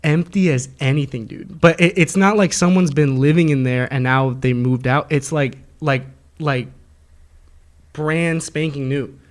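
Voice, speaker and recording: A young man with a fairly high voice tells a long, winding dream story to his friends. He talks in a lively, animated way, laughs often and acts out the voices of the people in the story. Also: a little slow. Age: young adult. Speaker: host. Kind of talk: casual storytelling among friends.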